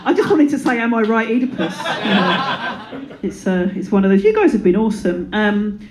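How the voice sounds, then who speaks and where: A woman's voice: medium pitch, big pitch swings, moderate pace, crowd noise, poor audio. A woman in her thirties performing a stand-up comedy set, playful and self-deprecating, slipping into silly voices. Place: comedy club before a live audience. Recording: live room with audience laughter.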